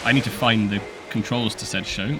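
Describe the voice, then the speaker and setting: Man, host, casual game tour commentary, playful, soft background music. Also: lowish voice, steady tone, fairly quick. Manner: chatty, playful, laughs often. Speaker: channel host.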